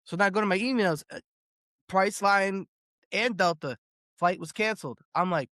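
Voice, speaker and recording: A man hosting a casual sports podcast, telling stories in an animated way, swearing freely and repeating words. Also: high-pitched, normal speed, no room sound, clean studio sound. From Boston area. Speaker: podcast host.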